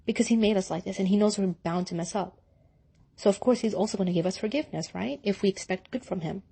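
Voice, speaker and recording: A young woman giving a heartfelt, casual motivational talk on faith, speaking earnestly and directly to her listeners with relaxed slang. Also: medium pitch, fast, creaky, breathy edge. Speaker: Muslim advice speaker.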